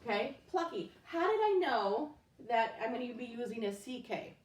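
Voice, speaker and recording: A woman's voice: fairly high pitch, sing-song, moderate pace, far from the mic, a little hiss or hum. A woman teaching a recorded spelling lesson at home, patiently sounding out words letter by letter. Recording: echoey room, voice off-mic.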